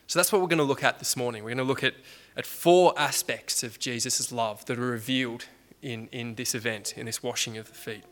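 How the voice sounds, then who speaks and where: Bright-voiced preacher in a sermon. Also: male voice, medium pitch, fairly quick. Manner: conversational, frequent restarts and rhetorical questions.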